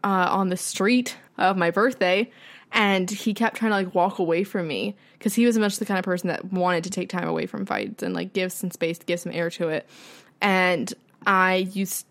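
A woman's voice: on the low side, moderate pace. A woman co-hosting a podcast in casual chat, talking candidly and with feeling, swearing freely. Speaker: podcast co-host.

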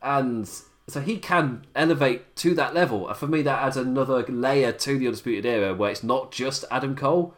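A man's voice: medium pitch, moderate pace, few pauses. A young man hosting a podcast, rambling casually and thinking aloud, with frequent short laughs. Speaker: podcast host.

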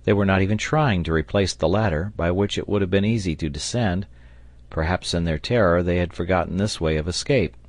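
A man narrating an audiobook in a steady, even storytelling manner on a close mic. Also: sits low, a little fast, dry recording. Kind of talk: scripted narration.

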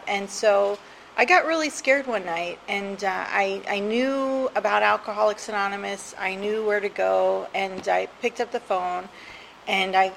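A woman's voice: mid-range voice, creaky, a bit bright, a little hiss or hum, rough recording. A middle-aged woman from New Jersey tells her own story candidly, mocking herself and laughing often. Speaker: guest sharing her recovery story. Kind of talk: personal storytelling.

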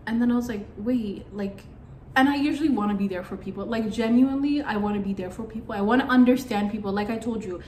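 A woman's voice: fairly high pitch, quick pace, few pauses, darkish tone. A young woman telling a personal story in a candid, rambling way, with plenty of fillers. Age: young adult. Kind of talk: casual storytime monologue. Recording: echoey room with faint background noise.

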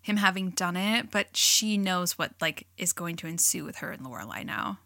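Bright, chatty woman co-host. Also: fairly low pitch, normal speed, no echo, studio quality. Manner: chatty, many "like" fillers, laughs easily. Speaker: podcast co-host. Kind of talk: casual chat.

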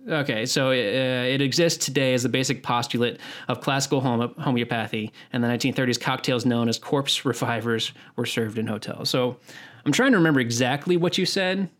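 A man's voice: mid-range voice, brisk, fairly bright tone. A man co-hosting a podcast in loose, joking banter, swearing freely. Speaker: podcast co-host.

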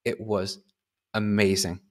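A man hosting a casual podcast chat, telling a story in an animated, chatty way. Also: fairly low pitch, slow. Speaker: podcast host.

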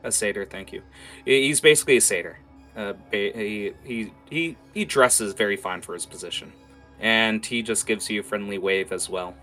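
A man's voice: lowish voice, moderate pace, pushed and bright, faint music behind. A young man narrating as game master in a casual way, with lots of fillers. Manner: casual, many fillers and restarts.

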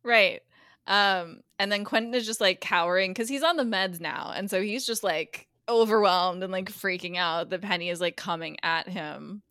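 Bright, dry-sounding chatty woman. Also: medium pitch, no echo. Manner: chatty, acts out characters' lines while retelling. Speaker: guest co-host. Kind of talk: casual podcast recap.

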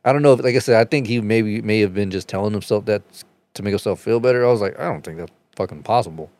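A man chatting casually on a podcast, telling a rambling, profane story and getting animated as he retells it. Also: fairly low pitch, fast, dry recording.

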